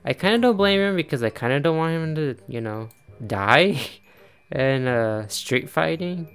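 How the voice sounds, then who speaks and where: A man giving casual let's-play commentary, chatty and quick to laugh, talking straight to the game's characters. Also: a little high, lively intonation, fairly bright tone, smooth. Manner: chatty, laughs often, talks to game characters. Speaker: gaming YouTuber.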